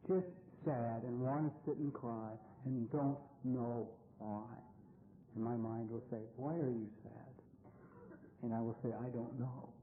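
A man's voice: mid-range voice, fairly even intonation, measured pace. A middle-aged American man giving a blunt, wry personal testimony at a recovery meeting. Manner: wry, blunt storytelling with swearing. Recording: echoey hall on tinny phone-line audio.

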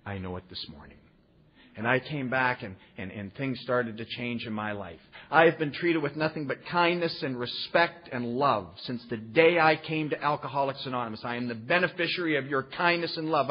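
A man's voice: medium pitch, normal speed, hardly any pauses, slightly rough, muffled recording. A man telling his recovery story to a live gathering, earnest and repetitive, checking in with the audience with a "huh?". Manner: earnest, repeats phrases, tag "huh?" to the audience. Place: meeting room with audience.

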